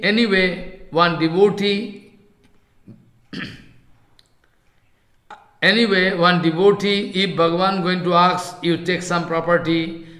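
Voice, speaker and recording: High, bright-voiced man lecturing in an echoey room. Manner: halting and repetitive, slowly chanting verses. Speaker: spiritual teacher. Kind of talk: scripture class lecture.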